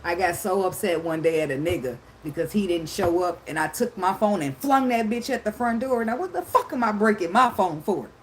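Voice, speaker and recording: A woman's voice: mid-range voice, animated, a little fast, few pauses, slight background noise. A woman tarot reader talking casually in a blunt, profane way, laughing often. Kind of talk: casual unscripted monologue.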